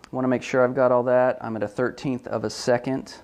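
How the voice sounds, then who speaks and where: Brief: male demonstrator at mid pitch, casual step-by-step tutorial delivery. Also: fast. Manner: relaxed, thinking aloud with frequent ums and self-corrections. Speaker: product photography demonstrator.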